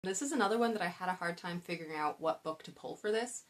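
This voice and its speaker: A woman's voice: fairly low pitch, fast. A young woman chatting casually about books she loves, rambling into side stories and laughing at herself. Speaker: book vlogger. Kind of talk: casual book-tag chat.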